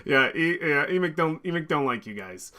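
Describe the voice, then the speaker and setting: A man's voice: on the high side, expressive, moderate pace, sharp tone. A man running a tabletop game as dungeon master, chatty and upbeat, with many ums and restarts.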